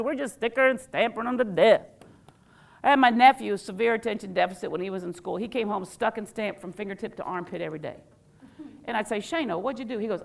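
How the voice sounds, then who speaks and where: Lively woman teaching a workshop. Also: on the high side, fast, gravelly. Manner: animated, quizzes the audience with call-and-response questions; acts out quoted phrases in playful voices. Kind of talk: live interactive workshop talk.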